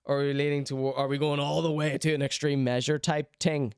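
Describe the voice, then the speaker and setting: A man's voice: a little high, level tone, fairly quick, clean tone, no echo, studio quality. A young Irish man hosting a live-streamed chat show, reading out chat and teasing viewers in rambling, jokey banter. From Ireland. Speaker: livestream host.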